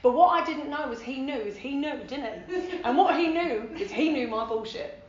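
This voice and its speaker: A higher-voiced woman with a London accent tells her own recovery story to a meeting. She is blunt and lively, swears freely and acts out the voices of the people she describes. The recording is slightly dull and carries the echo of a large hall. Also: normal speed, a crowd in the background. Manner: animated storytelling, frank, swearing, acting out voices. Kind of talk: personal recovery testimony at a meeting.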